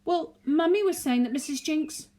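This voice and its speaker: A woman doing a shrill, wailing dramatic mother. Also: normal speed, mellow, natural voice. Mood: fretful. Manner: shrieking, wailing. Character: dramatic, shrill middle-aged mother, easily upset. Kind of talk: storybook reading.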